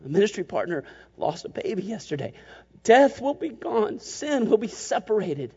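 A man preaching a sermon as pastor, animated and emphatic, sometimes slipping into mocking voices to make a point. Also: high voice, normal speed, slightly rough. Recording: muffled, long church reverb.

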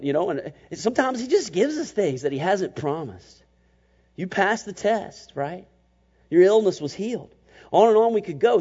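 A man preaching a sermon as pastor, animated and emphatic, sometimes slipping into mocking voices to make a point. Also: sits high, slightly rough. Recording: muffled, long church reverb.

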